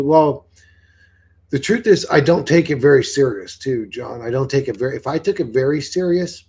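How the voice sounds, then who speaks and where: A man's voice: medium pitch, darkish tone, slightly rough. A man hosting his own livestream, talking to his viewers in a blunt, rambling way that is full of swearing. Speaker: livestream host.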